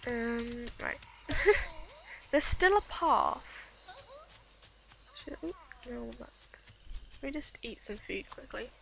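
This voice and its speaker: A woman with a higher-than-average voice talks through a video game. She is chatty, excitable and giggly, and her pitch swoops up and down as she talks. She speaks at an unhurried pace, with clear insect and game noise behind her. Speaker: gaming channel host. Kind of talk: let's play commentary.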